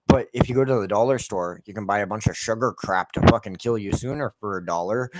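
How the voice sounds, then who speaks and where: A man's voice: fairly low pitch, quick pace, hardly any pauses. A man giving heated, profane rants over gameplay commentary, with lots of filler "like". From Canada. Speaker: gameplay streamer.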